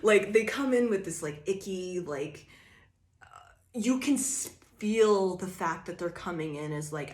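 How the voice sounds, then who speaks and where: A woman's voice: medium pitch, expressive, unhurried, darkish tone, reverberant. A woman giving a casual, rambling tarot reading, laughing often and acting out quoted voices. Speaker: tarot reader.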